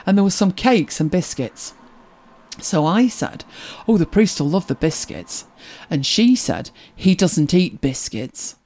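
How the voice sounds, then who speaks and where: Woman host, wry and chatty, animated pitch, relaxed storyteller. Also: a little slow. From Britain. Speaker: livestream host reading viewer comments. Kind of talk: casual chat.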